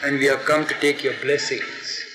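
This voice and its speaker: A meek young bridegroom, as a storyteller puts him on, speaking shyly in a low, hushed voice. The old tape echoes, with music behind it. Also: male voice, level tone, normal speed, lightly acted. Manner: shy, soft-spoken.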